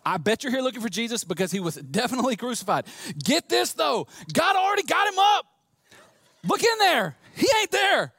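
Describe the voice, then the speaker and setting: A man voicing an excited, folksy male angel at an empty tomb, shouting in loose slang. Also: very high voice, a little fast, slightly rough, no room sound, studio quality, voice pushed up, full character voice.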